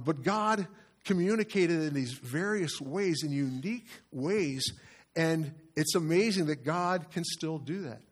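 A man's voice: a little high, lively intonation, unhurried, husky. A middle-aged male pastor giving an earnest, conversational sermon with asides to his congregation.

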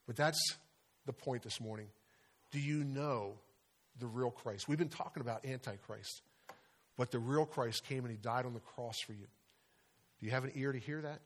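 A man's voice: medium pitch, fairly quick. A middle-aged man preaching a sermon as pastor, earnest and conversational, weaving in personal stories.

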